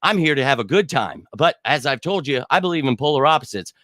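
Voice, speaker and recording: A man's voice: fairly high pitch, expressive, quick pace, fairly bright tone, no echo. A man in his thirties hosting a fan show, ranting in a brash, heated, profane way and talking straight to his viewers. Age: 30s. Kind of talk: livestream rant.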